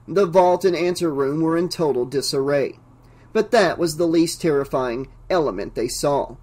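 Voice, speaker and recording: A man narrating an audiobook in a measured, even storytelling manner. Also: fairly high pitch.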